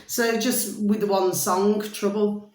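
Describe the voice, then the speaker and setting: A woman's voice: medium pitch, fairly even intonation, slow pace, darkish tone, reverberant. A woman, rambling affectionately to her viewers in a sing-song, meandering way, full of pet phrases. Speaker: vlogger. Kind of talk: rambling casual address to camera.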